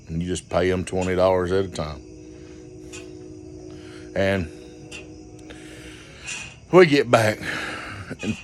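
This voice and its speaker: A man's voice: low voice, a little hiss or hum. A man telling a rambling, profane story in a casual, folksy way.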